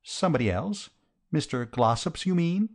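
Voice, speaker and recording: A man reading an audiobook, voicing a sentimental, dreamy young woman with a breathy, whispery, drawn-out delivery. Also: fairly high pitch, animated, pitched above the performer's own voice. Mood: puzzled. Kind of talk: audiobook character voice.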